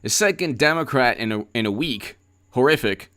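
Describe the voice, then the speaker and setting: A man's voice: medium pitch, lively intonation, moderate pace, a bit bright, clean tone. A man hosting a political commentary livestream, talking in a sarcastic, rambling way with stammered repeats.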